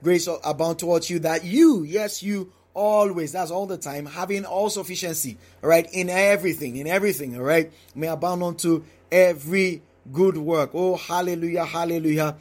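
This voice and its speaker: A man's voice: a little high, moderate pace, few pauses, darkish tone. A man preaching a daily devotional, emphatic and repetitive, often asking the listener questions.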